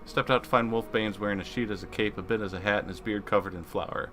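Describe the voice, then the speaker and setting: A man doing a tipsy ship's doctor with a wry, storytelling manner, a bit louder than plain talk. The voice is bright and forward. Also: lowish voice, steady tone, fast, a little hiss or hum.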